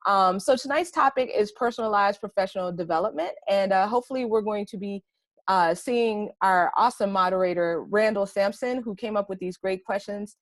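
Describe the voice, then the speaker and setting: A woman's voice: mid-range voice, brisk, no room sound, clean studio sound. A woman hosting a podcast panel in an upbeat, enthusiastic way, speaking over a video call. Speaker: panel host.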